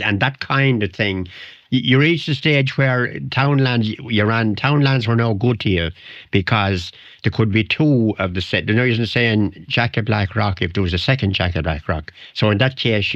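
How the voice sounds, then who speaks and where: A man's voice: lowish voice, normal speed, fairly bright tone, dry recording. An older man with a Wicklow Irish accent, a guest in a radio interview, telling rambling anecdotes and chuckling. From Ireland. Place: radio studio. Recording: dry, dull 1990 radio studio recording.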